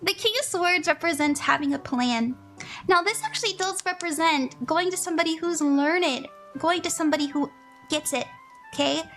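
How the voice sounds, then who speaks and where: A young woman with a very high, fairly bright voice reads tarot cards live for her chat at a moderate pace. Gushing and emotional, she laughs often while talking casually to viewers, with faint music playing behind her.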